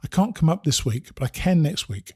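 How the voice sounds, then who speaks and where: A man voicing a matter-of-fact mother who lays out unsettling details in an even, unbothered way. The voice is mellow and a little husky, and the recording is dry and close. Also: a little high, fairly quick, dry recording, voice pushed up, heavily acted. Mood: calm.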